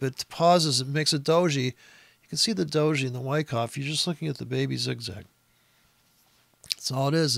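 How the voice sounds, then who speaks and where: A man giving a casual, rambling and profane talk on trading, rising to loud, high-pitched rants. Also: gravelly, dry recording. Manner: profane, animated, gets loud and high when ranting. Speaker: trading educator.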